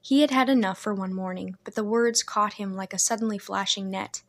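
A woman reads a novel aloud in a steady, measured way. Her voice sits in a middle range for a woman. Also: mid-range voice. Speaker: audiobook narrator. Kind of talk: scripted narration.

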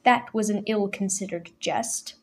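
Woman doing a stern older father, commanding, measured, severe, storybook reading. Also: medium pitch, creaky, breathy edge. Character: stern older Jewish father, grave and authoritative.

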